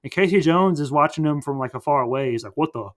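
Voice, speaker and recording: A man's voice: fairly high pitch, fast, a bit bright. Rambling man recapping a movie. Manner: rambling, filler-heavy retelling. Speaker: podcast host.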